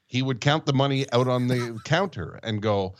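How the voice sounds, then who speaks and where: A man's voice: mid-range voice, moderate pace, background noise. Man in his sixties, from Montreal, casual podcast co-host, rambling storyteller, laughs often. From Montreal, Canada. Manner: rambling, laughing while telling stories.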